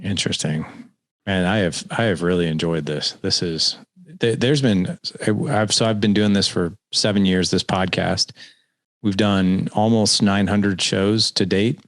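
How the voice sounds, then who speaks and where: A man's voice: deep voice, unhurried, no echo. A man hosting a podcast interview, reflecting on what his guest says and asking follow-up questions. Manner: engaged, reflective, sums up and asks follow-up questions. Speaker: podcast host.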